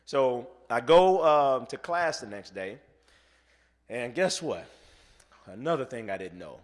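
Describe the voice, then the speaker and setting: A man giving a motivational keynote speech, telling a story and acting out the voices of the people in it, going from soft to loud. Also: mid-range voice, sing-song, slow, in a large hall. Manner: acts out quoted voices. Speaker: motivational speaker.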